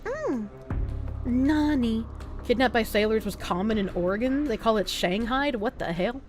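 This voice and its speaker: Woman streamer, playful, chatty, high pitch, very animated. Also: normal speed, soft background music. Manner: playful, chatty, reacts to chat. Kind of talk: casual gameplay commentary.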